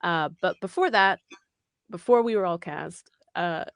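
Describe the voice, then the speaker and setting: Voice actress guest, woman, 30s, lowish pitch, animated and chatty, dry close recording. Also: measured pace, gravelly, no room sound. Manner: animated, chatty, many fillers and laughs. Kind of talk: casual interview chat.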